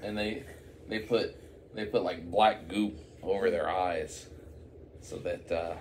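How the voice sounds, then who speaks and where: A man's voice: low-pitched, fairly even intonation, takes it slowly, a little hiss or hum. A man improvising a silly story, rambling with many fillers and asides.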